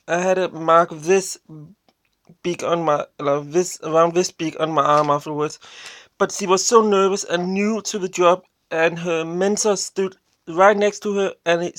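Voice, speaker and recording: A vlogger from Denmark with a Danish accent, telling personal stories in a halting way, often searching for English words, blunt and complaining. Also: medium pitch, fairly bright tone, dry recording. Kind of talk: casual personal storytelling to camera.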